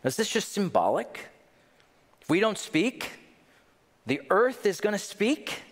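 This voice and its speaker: A man's voice: high-pitched, very animated, unhurried, big-room sound. A man preaching a sermon, asking rhetorical questions and joking with his congregation. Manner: jokes with the congregation. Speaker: pastor.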